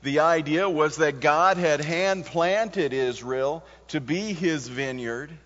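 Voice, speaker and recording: Guy preaching in a big church hall, kinda high voice, quiet then punchy, sound a bit muffled and echoey. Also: slow pace. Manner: swings from quiet to emphatic, stresses key words. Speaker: pastor. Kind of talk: sermon.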